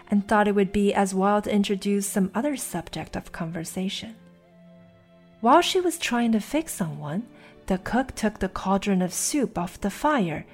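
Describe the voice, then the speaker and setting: Storybook narrator: a woman with an animated, slightly breathy voice over faint music. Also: mid-range voice. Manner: lively, expressive reading. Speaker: reader of English literature. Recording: soft background music.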